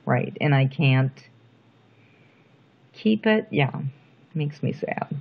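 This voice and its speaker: A middle-aged woman speaking softly and reflectively in a personal interview, with thoughtful pauses. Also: very deep voice, lively intonation, creaky. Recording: dull lo-fi recording.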